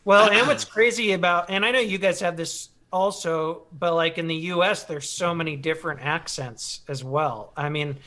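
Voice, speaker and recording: A man from the American Pacific Northwest with a flat regional accent, chatting as a guest in a relaxed way full of fillers. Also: a little high, moderate pace, few pauses. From Pacific Northwest, USA. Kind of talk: casual chat.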